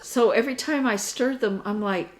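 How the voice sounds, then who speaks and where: A woman's voice: on the high side, moderate pace, rough recording. A middle-aged woman co-hosting a crafting chat, rambling a little and hesitant as she recounts things. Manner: rambling, hesitant, with fillers and laughs. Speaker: crafting podcast co-host. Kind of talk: casual chat.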